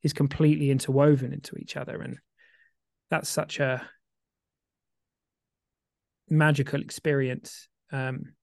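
A man co-hosting a casual podcast, rambling with many restarts and getting excitable when he warms to a point. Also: medium pitch, measured pace, vocal fry, long pauses, no echo, studio quality. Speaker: podcast co-host.

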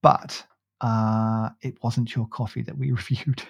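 A man's voice: mid-range voice, flat delivery, unhurried, vocal fry, slightly rough, no echo, dull audio. Man, podcast host, casual chat, jokey, laughs a lot, dry sound. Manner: jokey storytelling, laughs often.

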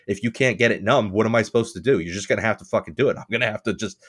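A man's voice: fairly low pitch, very fast, slightly rough. Casting: male podcast co-host, casual, profane, rambling storyteller. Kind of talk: casual chat.

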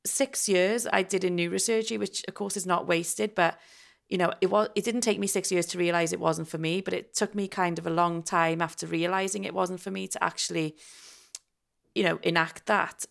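A woman's voice: lowish voice, steady tone, fairly quick, gravelly. Chatty woman podcast co-host. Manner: chatty, self-deprecating, swears casually. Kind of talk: casual podcast chat.

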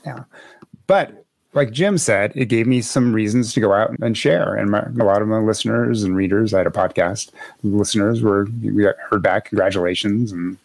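Chatty man with a low, dry voice. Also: moderate pace, vocal fry, darkish tone, no echo. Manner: chatty, rambling, many fillers and restarts. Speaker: podcast host. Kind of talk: casual podcast chat.

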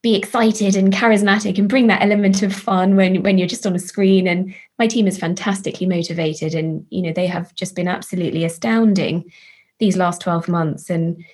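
A woman, a charity chief executive, speaking earnestly in an interview, often restarting her phrases and warming to her subject. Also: fairly low pitch, steady tone. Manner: earnest, halting restarts, enthusiastic. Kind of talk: reflective interview talk.

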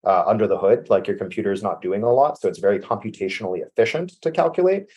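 A man with a low, mellow voice explains technical ideas in a loose, conversational way. He leans on fillers and restarts, and his sentences often drop off quietly at the end. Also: expressive, quick pace. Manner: casual, many fillers like "like" and "you know", trails off softly at sentence ends. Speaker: MLOps architect guest.

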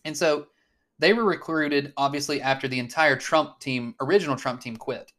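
A man's voice: medium pitch, moderate pace, fairly bright tone. A man co-hosting a casual political chat, blunt and swearing often, with lots of fillers and restarts. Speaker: podcast co-host.

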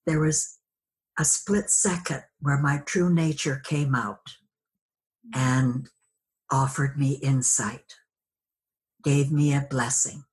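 A woman guest sharing a personal story in a conversation, reflective, acting out remembered dialogue. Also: rumbling low.

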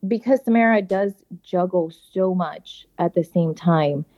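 A woman co-host speaking casually and haltingly, asking the guest a question. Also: fairly low pitch. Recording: dull, lo-fi sound.

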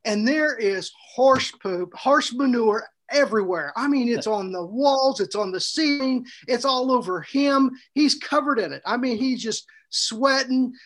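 Guy with a high voice telling a story on a podcast, lively, laughs a lot, keeps restarting. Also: unhurried, few pauses. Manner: animated, laughs often, many restarts. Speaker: podcast co-host and author. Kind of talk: casual storytelling.

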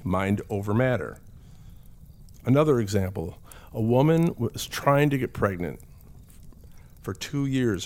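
Lower-voiced male counselor. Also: a little mellow. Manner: conversational storytelling with acted quotes. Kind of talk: talk.

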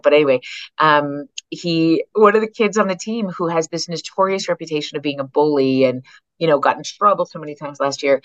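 A woman from Canada speaks as a podcast guest in a very low voice. She tells stories with energy and slips into the voices of the people she quotes. The recording is dry and a little dull. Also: no room sound. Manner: animated storyteller who acts out quoted voices. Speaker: psychologist and author, podcast guest. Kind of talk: storytelling in a conversation.

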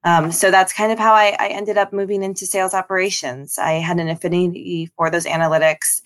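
A woman's voice: lowish voice, steady tone, fairly quick. A woman guest on a podcast interview, answering thoughtfully with frequent ums and restarts. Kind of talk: casual interview.

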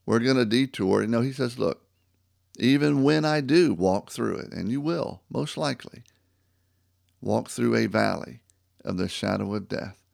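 A man's voice: medium pitch, expressive, measured pace, creaky, darkish tone, no room sound, clean studio sound. A man sharing a personal faith testimony, telling the story with acted-out phone calls and turning reflective as he reads scripture. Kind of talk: personal testimony and devotional talk.

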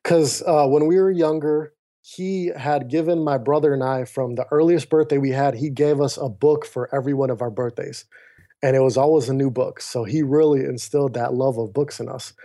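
Earnest man telling his story, mellow voice. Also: mid-range voice, moderate pace. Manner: earnest, animated retelling with quoted dialogue. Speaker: podcast guest. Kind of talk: personal storytelling in conversation. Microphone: remote call mic.

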